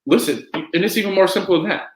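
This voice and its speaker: A man's voice: high-pitched, fast. Easygoing man, roomy echo. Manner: easygoing storyteller, acts out quotes. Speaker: podcast guest. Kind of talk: casual podcast chat.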